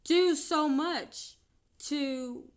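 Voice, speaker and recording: Speaking extremely slowly in a high voice, a woman shares a personal story in an unscripted vlog. She's chatty, laughs often between sentences, and uses many fillers and restarts.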